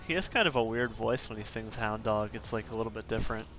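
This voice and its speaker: A man's voice: lowish voice, steady tone, fast, fairly bright tone, soft background music. A man chatting casually on a live game stream, chuckling often as he reads out viewer requests. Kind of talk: casual live-stream chat while gaming.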